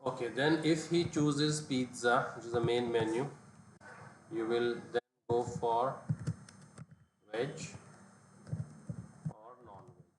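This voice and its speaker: A man's voice: medium pitch, steady tone, takes it slowly, long pauses. A man teaching a live online programming lesson, explaining step by step and often checking that students follow. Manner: explains step by step, checks understanding with tag questions. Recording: echoey, distant mic, background noise.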